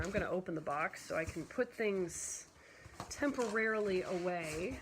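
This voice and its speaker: A woman's voice: medium pitch, big pitch swings, moderate pace, noisy background. A woman vlogging about cross-stitch gifts, chatting casually and gushing with lots of "like" and "you know", at home before a camera. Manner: emotional, near tears at times. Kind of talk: casual show-and-tell chat.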